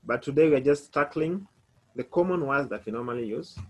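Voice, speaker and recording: A man teaching a language lesson, slowly spelling words letter by letter and repeating each phrase for his students. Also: mid-range voice, expressive, poor audio. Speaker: French teacher.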